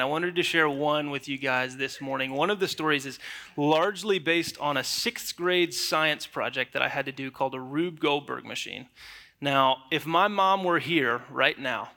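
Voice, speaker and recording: A young male pastor with a bright, ringing, slightly high voice, preaching in church. He talks in an animated, conversational storytelling way, easy and direct with the congregation. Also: normal speed. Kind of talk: sermon.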